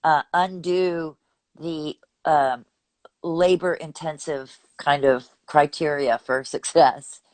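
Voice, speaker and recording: A woman's voice: low-pitched, fairly even intonation, slow, a little mellow, no echo. An older woman from Texas, a vocal coach, chatting animatedly in an interview and laughing often as she explains technique. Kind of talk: casual interview chat.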